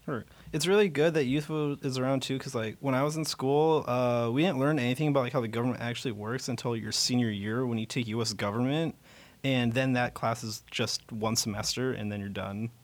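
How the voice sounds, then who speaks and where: A man's voice: mid-range voice, steady tone, brisk. A man hosting a radio show, chatting casually with guests in the studio and using filler words.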